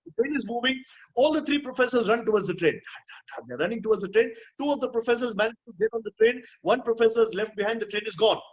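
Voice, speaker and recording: A man's voice: extremely high pitch, lively intonation, fast, dull audio. A man giving a motivational talk at an online event. He is emphatic, repeats his key phrases and keeps checking in with "hmm?". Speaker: motivational speaker.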